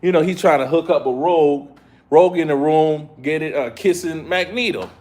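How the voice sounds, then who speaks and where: A man giving a casual live review of an episode, retelling scenes in an excitable, slangy way. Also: a little high, normal speed. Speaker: show reviewer.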